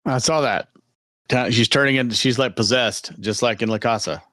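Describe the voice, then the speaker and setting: A man co-hosting a podcast, chatting about a horror film, loud and excitable in his reactions. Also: mid-range voice, normal speed, dry recording. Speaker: podcast co-host. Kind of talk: casual movie chat.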